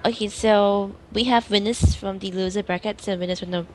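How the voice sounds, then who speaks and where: A woman's voice: mid-range voice, fairly even intonation, fairly quick, slight background noise, rough recording. A woman giving tournament details in a casual, hesitant way, with fillers. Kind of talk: casual announcement.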